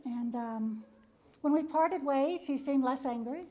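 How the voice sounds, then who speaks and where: High-voiced woman telling a story. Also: measured pace, dark tone. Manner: loose storytelling with frequent um and you know, chuckling often. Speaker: psychologist giving a church wellness talk. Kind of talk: conversational presentation with a personal anecdote.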